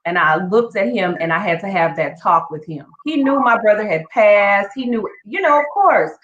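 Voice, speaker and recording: A woman's voice: medium pitch, expressive, normal speed, fairly bright tone. A woman teacher, a guest, telling her story in a chatty, heartfelt way and calling the listener "girl" again and again. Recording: echoey room, dull lo-fi sound.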